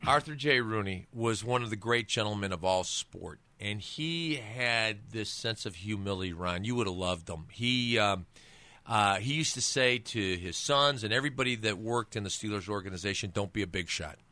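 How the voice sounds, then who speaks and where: Interview guest, male former athlete; bright, animated storyteller; dry close studio sound. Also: lowish voice, normal speed, dry recording. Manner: animated storyteller with many restarts. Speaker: guest, former pro football player and author.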